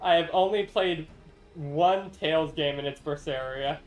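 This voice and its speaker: A man's voice: on the high side, unhurried, faint music behind, rough recording. A man streaming a game, chatting casually with a friend and laughing often between rambling asides. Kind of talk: casual gameplay chat.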